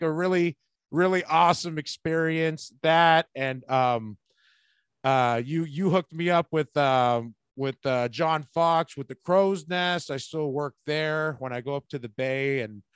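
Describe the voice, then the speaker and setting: High-voiced man telling comedy stories. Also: smooth, dry recording. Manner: animated storyteller, acts out quotes. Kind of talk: casual podcast chat.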